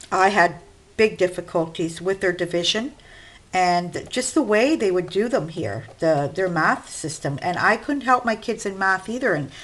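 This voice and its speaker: This low-quality recording captures a middle-aged woman chatting and rambling as she works at her home craft desk, addressing her viewers directly in a casual vlog. She has a fairly low, slightly bright voice.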